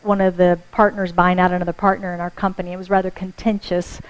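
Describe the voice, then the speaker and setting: A woman's voice: fairly low pitch, level tone, fast, clean tone, dull audio. A woman minister with an American accent, preaching a sermon to her congregation in a friendly, conversational way. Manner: warm conversational preaching with audience asides. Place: church sanctuary.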